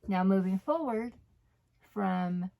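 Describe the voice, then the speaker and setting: A woman's voice: medium pitch, animated, takes it slowly, lo-fi sound. A woman candidly telling her own story to camera, rambling and correcting herself, often dropping to a near whisper. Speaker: vlogger sharing her recovery story.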